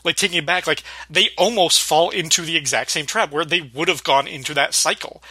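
Husky bright-voiced man, laughing podcaster. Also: a little high, brisk, dry recording. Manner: laughs often, acts out characters' lines. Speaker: podcast co-host. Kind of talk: casual TV rewatch discussion.

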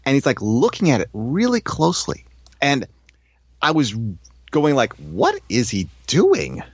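A man hosting a podcast, chatting casually and thinking aloud with animated asides. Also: mid-range voice, a little slow, slightly rough, dry recording, lo-fi sound. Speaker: podcast host. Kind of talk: casual chat about a sitcom episode.

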